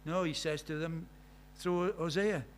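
A man with a South Welsh accent preaching a sermon, earnest, moving from loud emphasis to hushed storytelling. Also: a little high, steady tone, unhurried, slight background noise. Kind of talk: sermon with personal stories.

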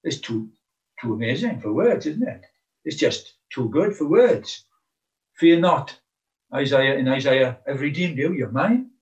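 A man's voice: mid-range voice, animated, normal speed, darkish tone. A man preaching a sermon earnestly, stressing his questions with mounting emphasis. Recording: muffled, from far off the mic.

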